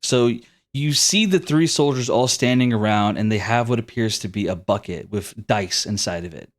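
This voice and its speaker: A man's voice: on the low side, moderate pace. A man narrating a tabletop game as game master, with easygoing, descriptive storytelling.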